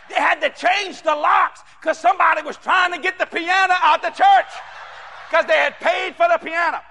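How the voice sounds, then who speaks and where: A male preacher from New Orleans delivers a sermon in a high, piercing voice, shouting and acting out every character. His bright, forceful tone rings through a hall with a long echo. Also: normal speed. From New Orleans, Louisiana. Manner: animated, shouting, acts out voices. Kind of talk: sermon storytelling.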